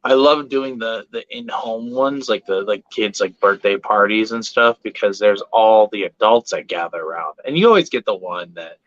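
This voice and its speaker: A man hosting a casual interview, talking in a relaxed, easygoing way about his educational reptile shows. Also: lowish voice, moderate pace, hardly any pauses, no room sound, lo-fi sound. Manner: relaxed, easygoing talker with many fillers. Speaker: podcast host and reptile educator.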